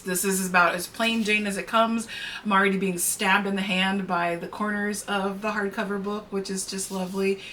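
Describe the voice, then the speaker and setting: A woman chatting casually to the camera at home, animated and playfully dramatic, talking to her viewers. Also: medium pitch, slight background noise. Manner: animated, self-mocking and dramatic. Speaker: book vlogger. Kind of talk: casual vlog chat. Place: at home, indoors. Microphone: camera mic.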